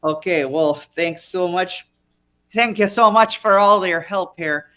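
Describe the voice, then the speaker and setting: A man's voice: high voice, takes it slowly, sharp tone. A man hosting a live improv comedy show, rambling with hesitant fillers and dry remarks. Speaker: host.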